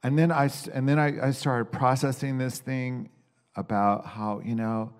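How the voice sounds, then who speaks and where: A man at a middle pitch, talking casually and candidly about his prayers. He wanders and restarts often. He swings between exasperated, louder bursts and low, quiet musing. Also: fairly even intonation, a little slow. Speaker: Christian speaker sharing a personal reflection. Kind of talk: casual spoken reflection.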